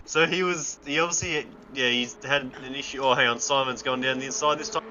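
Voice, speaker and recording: A man co-commenting on a sim race in a relaxed, chatty way. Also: mid-range voice, brisk, lo-fi sound, a crowd in the background.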